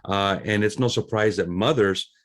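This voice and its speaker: A man's voice: lowish voice, moderate pace, a bit bright. A man hosting an interview podcast, talking in long rambling stretches with repeated words. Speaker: podcast host.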